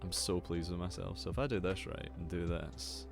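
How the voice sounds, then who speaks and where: A young man hosting a casual live stream, excitable, swearing freely and greeting his chat. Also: low voice, moderate pace, creaky. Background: faint lo-fi music.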